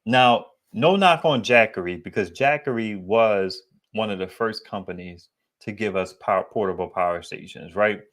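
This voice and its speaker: A man with a deep, bassy voice chatting casually to his viewers about solar gear, rambling and slangy. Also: normal speed, fairly bright tone. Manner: rambling, digressive, slangy and candid. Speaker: solar equipment YouTuber. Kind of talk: casual vlog chat.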